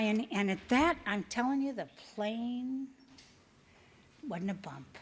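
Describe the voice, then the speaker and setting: A woman's voice: medium pitch, expressive, unhurried. A woman speaking at a recovery meeting, telling a personal story with many fillers and acting out the voices she quotes.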